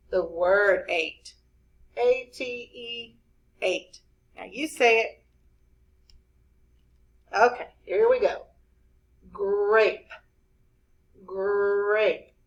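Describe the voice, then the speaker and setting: A woman teacher, walking young children through spelling words one letter at a time. Her voice sits a little high, and she speaks very slowly and deliberately, leaving room for the class to repeat after her. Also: poor audio.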